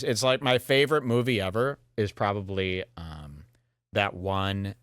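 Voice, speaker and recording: A man hosting a podcast, giving sarcastic, deadpan commentary on film clips into a studio mic. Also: fairly low pitch, measured pace, smooth, dry recording. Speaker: podcast host. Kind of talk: casual commentary. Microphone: headphones and studio mic.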